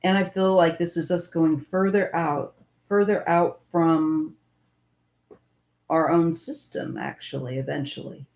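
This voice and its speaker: A woman's voice: sits low, fairly even intonation, a little slow, gravelly, darkish tone. A woman giving a casual live-stream tarot reading, musing and thinking aloud as she goes. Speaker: tarot reader.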